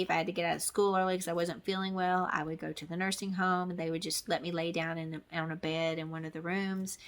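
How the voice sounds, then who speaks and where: A woman's voice: on the low side, fairly bright tone. A middle-aged woman from Texas chatting casually to camera in a crafting vlog, rambling with many ums and restarts. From Texas, USA. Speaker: crafting vlogger.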